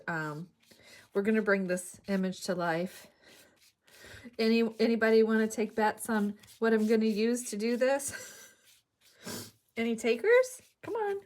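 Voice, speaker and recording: A woman hosting a casual craft tutorial, chatting and explaining each step as she works. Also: mid-range voice. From Northeast Ohio. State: emotional, voice dropping low. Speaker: crafting channel host.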